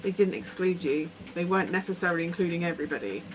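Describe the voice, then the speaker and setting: Speaking quickly in a low-leaning voice, a woman offers casual advice in her weekly tarot reading, wandering earnestly and frequently playing out imagined exchanges. Poor audio carries a little hiss or hum.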